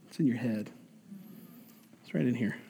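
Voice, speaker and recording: Joking pastor preaching in an echoey hall. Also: male voice, mid-range voice, moderate pace, gravelly, mellow, slight background noise. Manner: conversational and joking, acts out voices. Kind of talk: sermon.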